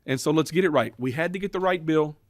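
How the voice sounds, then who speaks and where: A man's voice: fairly high pitch, quick pace, no room sound, studio quality. A man, a state representative giving impassioned committee testimony, telling stories and building to emphatic questions. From Kentucky. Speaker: state representative, bill sponsor.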